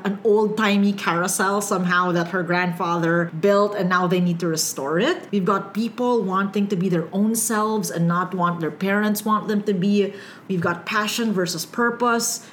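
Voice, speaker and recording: A woman co-hosting a casual movie chat, gushing and animated, with quick asides and frequent laughter. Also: medium pitch, a little hiss or hum. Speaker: podcast co-host reviewing holiday movies.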